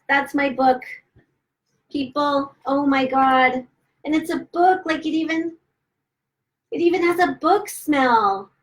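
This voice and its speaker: A woman author on a livestream, emotional and close to tears, gushing with excitement and stumbling over her words as she celebrates her new book at home. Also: high voice, low-quality recording. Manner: gushing and excited, halting with restarts. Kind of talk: casual livestream chat. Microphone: phone or webcam livestream.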